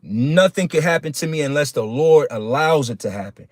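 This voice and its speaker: A man's voice: fairly high pitch, animated, normal speed, no room sound, clean studio sound. A man giving a casual sermon on a livestream, preaching in plain street talk and calling his listeners "man".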